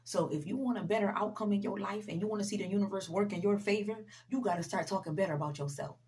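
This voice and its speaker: A woman speaks fast in a medium-pitched, slightly mellow voice, giving her viewers a casual motivational talk. Addressing them directly and saying "you know" often, this vlogger repeats key sayings for emphasis.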